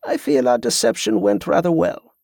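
A man voicing an old pirate, speaking low in a wry, courtly way. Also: expressive, moderate pace, vocal fry, darkish tone, no echo, studio quality, full character voice. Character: old, wry, one-fingered male pirate.

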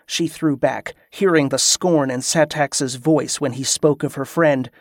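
A man narrating a fantasy audiobook in a steady, even reading. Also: on the high side, a little slow, hardly any pauses, no echo, clean studio sound.

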